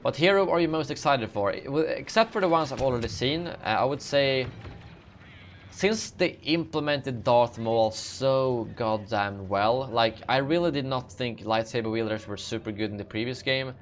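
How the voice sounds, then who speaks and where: Mid-range in pitch and at normal speed, a young man answers chat questions during a live gaming Q&A, with slight noise behind him. He sounds sleepy and yawns, rambling along with frequent fillers and corrections of himself.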